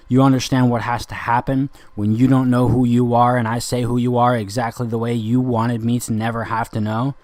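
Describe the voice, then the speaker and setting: A man's voice: medium pitch, darkish tone, no echo. A young man talking in a rambling, confrontational monologue, intense and lecturing, circling back over the same points. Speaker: speaker addressing a listener.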